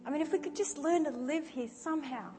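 High-voiced woman preaching in a hall. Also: fast talker, music in the background. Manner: animated, shifts from shouting to soft and quiet. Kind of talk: lively sermon with acted-out prayers.

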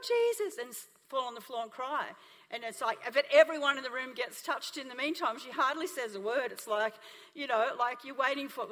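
An Australian woman preaches with a bright, forceful voice, telling her story with animated, emphatic rises. Her words ring out with a long reverb, as if from a big hall. She sounds like a pastor speaking from the pulpit. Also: a little high. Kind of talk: sermon.

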